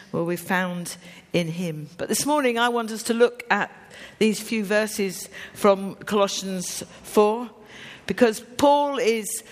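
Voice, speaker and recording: Unhurried preacher chatting through a sermon, asks the room yes or no questions, big hall echo rolling behind. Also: mid-range voice. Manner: conversational, quizzes the congregation with yes-or-no questions. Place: church with a congregation. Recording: long reverb of a large hall.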